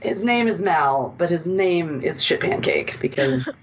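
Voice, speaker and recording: A chatty woman from Philadelphia talks casually as a podcast guest, joking at her own expense. Her voice sits at an ordinary pitch. A faint hiss runs under the recording. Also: lively intonation, unhurried, rough recording. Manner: chatty, self-deprecating, jokey.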